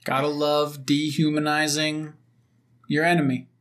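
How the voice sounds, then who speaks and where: A woman with a notably low voice co-hosts a podcast, dropping short, wry asides into a casual movie discussion. Her remarks are dry and brief. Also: level tone, a little slow. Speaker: podcast co-host.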